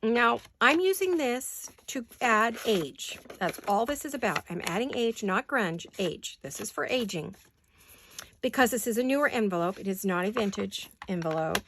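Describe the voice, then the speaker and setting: Crafting at home in her studio, a paper craft vlogger keeps up a casual chat with her viewers, musing aloud and laughing easily. Her voice sits on the high side, animated and fairly bright, at normal speed over slight background noise.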